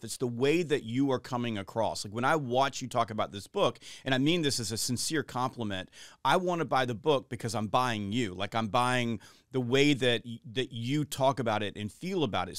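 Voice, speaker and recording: A man's voice: medium pitch, a bit bright, no echo, studio quality. A middle-aged man hosting a podcast interview, talking earnestly with frequent restarts. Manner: earnest, rambling with many restarts. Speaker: podcast host. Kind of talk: conversational interview.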